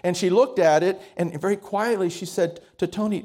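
A male preacher with a somewhat high voice tells a story from the pulpit in a folksy manner, giving each person in it their own lines. He talks with halting restarts and often drops to a quiet tone. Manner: folksy storytelling with acted-out dialogue. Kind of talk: sermon storytelling.

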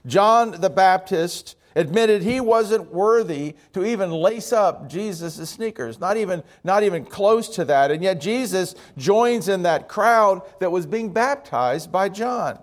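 A male pastor delivers a sermon with a relaxed, conversational manner. He slips in light joking asides, and his voice sits slightly high for a man. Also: measured pace, few pauses.

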